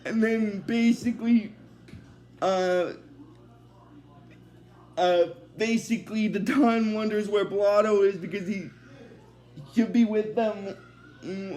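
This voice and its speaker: A young man with a high, slightly mellow voice casually recaps a cartoon episode. He rambles, leaning heavily on fillers like "basically" and "uh."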